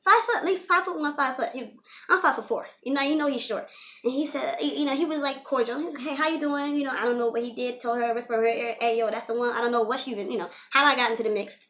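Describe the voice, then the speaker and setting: A woman's voice: high-pitched, fast, fairly bright tone. A young woman telling a personal story in a casual, rambling way, full of "you know" fillers. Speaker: storyteller vlogger.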